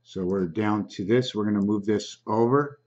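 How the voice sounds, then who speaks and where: Host type, man, lowish voice, unhurried halting reader, muffled home-recorded sound. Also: a little mellow. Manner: slow, halting reading with frequent ums. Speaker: channel host reading comments aloud. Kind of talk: casual screen-reading commentary.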